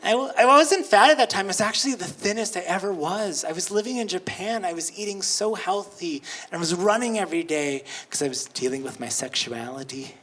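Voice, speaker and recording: Bright-voiced animated male stand-up comic. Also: a little fast, hardly any pauses. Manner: animated, jumps into high squealing voices for quoted people. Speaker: stand-up comedian. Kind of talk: stand-up storytelling.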